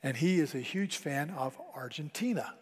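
A man preaching a sermon, telling stories and dropping to a hush for emphasis. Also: a little high, lively intonation, normal speed, breathy edge. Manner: storytelling, drops to a hush for emphasis. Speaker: pastor. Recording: long hall reverb.

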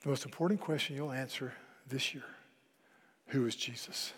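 Preacher in a reverberant hall. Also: male voice, medium pitch, normal speed, slightly rough. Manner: storytelling, drops to a hush for emphasis. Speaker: pastor. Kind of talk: sermon.

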